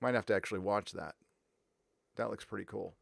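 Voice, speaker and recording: A man's voice: lowish voice, a little fast, creaky. A man hosting a casual live stream, rambling between news and reading out viewer donations. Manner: rambling, reads donor messages aloud.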